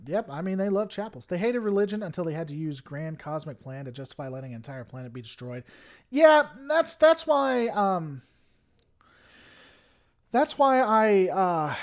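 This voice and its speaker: A man's voice: fairly high pitch, sing-song, normal speed. A young man with a Southern US accent, rambling through a casual livestream chat with viewers, full of fillers and restarts. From Tennessee, US. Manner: rambling, many fillers and restarts, heated then apologetic. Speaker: livestream host. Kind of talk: casual live-stream chat answering viewers.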